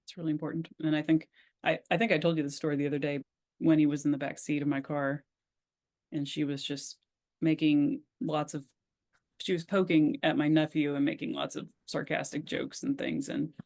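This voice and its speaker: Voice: medium pitch, creaky, darkish tone. A podcast co-host talking reflectively in casual chat, often stopping and restarting sentences.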